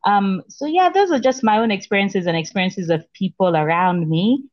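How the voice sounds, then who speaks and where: A woman's voice: medium pitch, normal speed, a little mellow. Earnest woman co-host, dull lo-fi sound. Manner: earnest, conversational storytelling. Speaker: podcast co-host. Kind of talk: casual chat.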